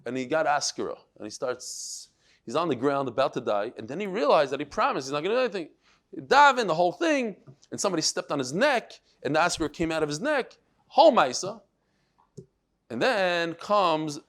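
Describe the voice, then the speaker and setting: A man teaching a Talmud lesson as lively, dramatic storytelling, mixing in Hebrew and Yiddish terms. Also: a little high, fairly quick.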